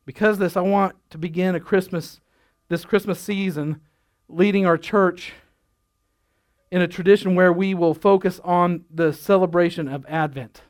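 A man's voice: high-pitched, steady tone, normal speed. A middle-aged male pastor giving a sermon in a folksy, storytelling way, chuckling at his own jokes.

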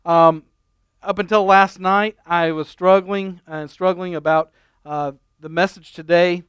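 Man, pastor, folksy storyteller, unhurried with fillers, dry close sound, smooth clear voice. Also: high-pitched, fairly even intonation, fairly bright tone, no echo. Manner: folksy joke-telling storyteller; unhurried, with frequent ums and restarts. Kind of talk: sermon with humorous stories.

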